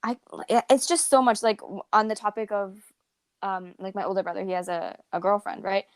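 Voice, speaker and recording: A woman's voice: mid-range voice, steady tone, a little fast, clear, resonant tone, dry recording. Young woman co-hosting a podcast, rambling casual talk, dry close mic. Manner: rambling, filler-heavy, restarts often. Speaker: podcast co-host. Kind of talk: casual chat.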